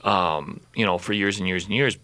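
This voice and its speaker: A man's voice: low voice, normal speed, pushed and bright, dry recording. A man on a podcast as a guest architect, chatting casually with easygoing dry humor. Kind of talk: casual chat.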